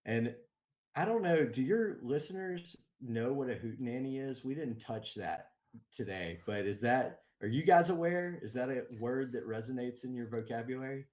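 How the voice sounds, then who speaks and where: A man, a board game company guest, talking in an upbeat, relaxed way over a video call, with many ums. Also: mid-range voice, moderate pace. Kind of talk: casual interview chat. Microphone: remote video call.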